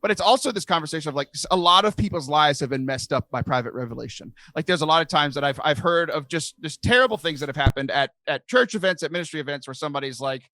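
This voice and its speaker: Hoarse, lively man hosting a podcast. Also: on the high side, quick pace, few pauses, dry recording. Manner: earnest, animated, heavy use of "like". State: losing his voice. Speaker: podcast host. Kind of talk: casual podcast chat.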